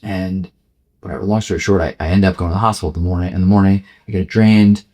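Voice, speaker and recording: Podcast guest, man, 40s, low husky voice, blunt and candid storyteller who swears and voices quotes. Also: fairly even intonation, quick pace, dark tone. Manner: frank, swears freely, acts out quoted dialogue.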